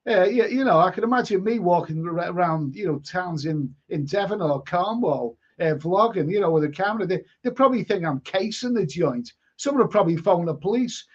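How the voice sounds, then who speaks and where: Reading out comments on his live stream, this older man speaks with a Liverpool accent in a high, expressive voice. He talks fairly quickly with barely a pause, rambling, repeating himself and cursing bluntly in casual chat, all captured on dull audio.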